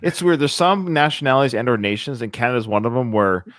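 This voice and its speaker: Guy cohosting a podcast, animated and rambly, mid pitch, dry mic. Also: fast, dry recording. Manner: animated, talks through points with many restarts. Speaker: podcast co-host. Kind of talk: casual chat.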